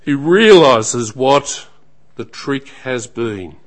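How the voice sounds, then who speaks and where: A man preaching a sermon in a measured, emphatic way, letting phrases trail off softly at the end. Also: mid-range voice, lively intonation.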